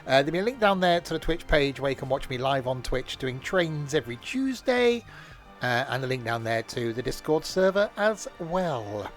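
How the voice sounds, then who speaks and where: Hoarse man, game streamer, chatty and rambling, average pitch, faint music behind. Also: very animated, moderate pace. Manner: chatty, rambling, lots of fillers and self-corrections. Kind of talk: casual live-stream commentary.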